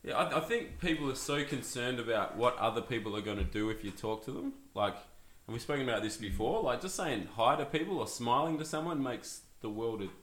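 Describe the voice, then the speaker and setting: Bright-voiced chatty man. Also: medium pitch, lively intonation, a little fast, roomy sound. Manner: chatty, laughs often, trails off into fillers. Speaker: podcast co-host. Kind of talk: casual chat.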